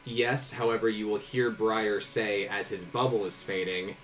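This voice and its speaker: A man's voice: lowish voice, steady tone, unhurried, a bit bright, soft background music, poor audio. A man narrating a tabletop game as game master, casual and descriptive, with restarts.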